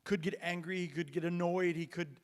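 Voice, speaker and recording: A man's voice: sits high, steady tone, a little fast, long reverb tail. A man preaching a sermon as pastor, retelling a Bible story in a conversational way with frequent restarts and fillers. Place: church sanctuary.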